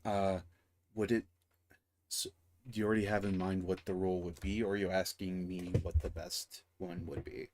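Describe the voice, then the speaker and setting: A man running a tabletop game as dungeon master, narrating in a halting way with frequent pauses and restarts. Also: deep voice, fairly even intonation, a little mellow, a little hiss or hum. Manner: halting, slow, many fillers and restarts.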